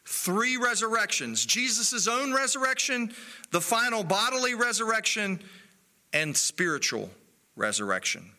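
A man preaching a sermon in an earnest, measured way with emphatic pauses. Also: high voice, very animated, bright, forceful tone. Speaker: pastor.

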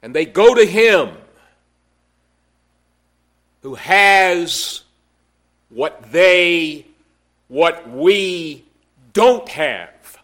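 Male pastor, high-pitched, slow deliberate sermon delivery with emphatic rises. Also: lively intonation, fairly bright tone.

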